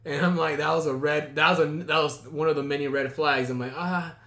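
A young man telling a story in casual chat, animated, swearing freely and acting out the people in it. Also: fairly high pitch, quick pace, roomy sound. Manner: animated storyteller, swears a lot, acts out quoted voices.

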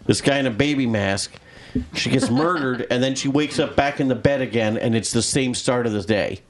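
A man's voice: medium pitch, normal speed. A man co-hosting a casual chat, telling a story in a laid-back way, with a faint hum behind him.

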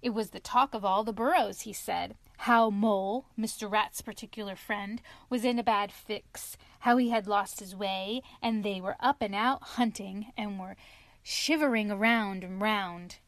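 Woman reader voicing a hearty, bold otter, cheerful and brisk, mid-range voice, dry close mic. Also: mid-range voice, steady tone, no echo, close to an everyday voice. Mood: storytelling. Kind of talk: storybook reading.

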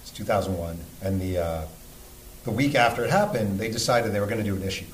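A New York man who hosts a podcast and writes about sports tells an earnest, emotional story to a live audience, swearing bluntly. His fairly low voice is expressive and fast. The poor audio is reverberant, with slight background noise.

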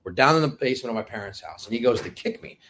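A man who is a school board candidate, chatting casually as a podcast guest and telling stories with animated energy. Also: medium pitch, racing, background noise. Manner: animated storyteller, swears casually.

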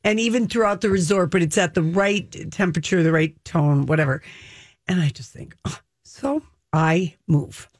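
A middle-aged woman telling a lively story in casual chat, her pitch leaping up for emphasis. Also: normal speed, dry recording, clean studio sound. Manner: animated storyteller, exaggerated pitch jumps.

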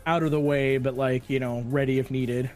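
A man playing a tabletop role-playing game, describing his character's moves in a relaxed, hedging way. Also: mid-range voice, moderate pace, soft background music. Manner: laid-back, hedging with "you know". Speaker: player. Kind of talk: casual tabletop play.

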